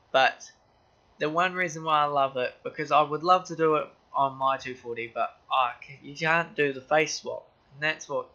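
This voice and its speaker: A man's voice: a little high, pushed and bright, highs cut off. A man hosting a casual game walkthrough, rambling loosely in car-enthusiast slang. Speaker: gaming channel host.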